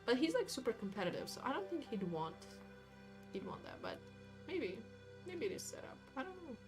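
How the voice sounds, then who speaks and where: A woman art streamer with a high, sing-song voice talks a little fast while she paints, with music playing behind her. Her casual chat rambles, full of hedges, fillers and restarts.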